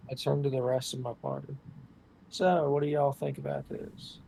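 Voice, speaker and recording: A man's voice: mid-range voice, level tone, normal speed, gravelly, mellow, a little hiss or hum, poor audio. A man playing a tabletop game, slipping into a put-on Cockney accent in character, laid-back and drawling. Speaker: player.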